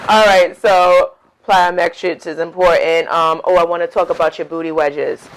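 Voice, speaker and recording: A woman's voice: fairly low pitch, steady tone, moderate pace, rough recording. A woman hosting a casual interview, encouraging her guest, laughing along and swearing casually. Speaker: interviewer, host.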